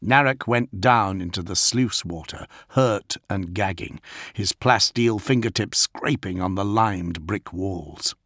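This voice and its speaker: Male audiobook narrator, lowish voice, steady reading, dry close sound. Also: slow, no room sound. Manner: steady, even storytelling. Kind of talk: scripted narration.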